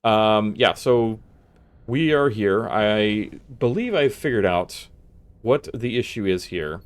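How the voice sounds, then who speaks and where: A man's voice: lowish voice, expressive, slow, clear, resonant tone. A man casually commentating his gameplay at home, rambling and joking at his own expense. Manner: rambling, self-joking and chatty. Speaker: game streamer.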